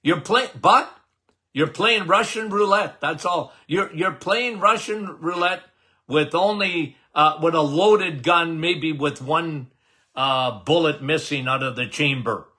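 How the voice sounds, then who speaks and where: Bright-voiced emphatic older male doctor. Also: fairly high pitch, takes it slowly. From Canada. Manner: emphatic, repetitive, folksy, addresses listeners as guys. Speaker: podcast host, doctor. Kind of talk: casual health talk to listeners.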